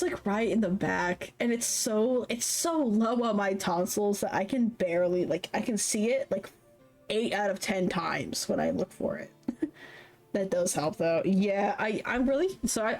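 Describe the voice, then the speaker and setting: A woman streamer in her late twenties talks casually and at length, drifting from one thought to the next. She laughs often and swears freely. Her voice sits at an ordinary mid pitch. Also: a little mellow. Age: late 20s. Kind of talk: casual chat on a live stream.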